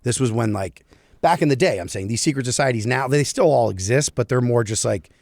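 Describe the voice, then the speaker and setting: A man co-hosting a comedy podcast with a gravelly, fry-tinged voice that swings widely in pitch. He rambles through casual banter and often restarts or trails off mid-thought. The recording is close and dry. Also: expressive, a little fast, darkish tone, no room sound. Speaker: podcast co-host.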